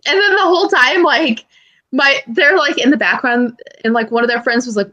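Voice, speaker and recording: Woman, podcast co-host; bright, animated, fairly high voice, loves acting out quotes. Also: a little fast. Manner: animated storytelling with swearing and mimicked quotes. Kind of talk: casual chat.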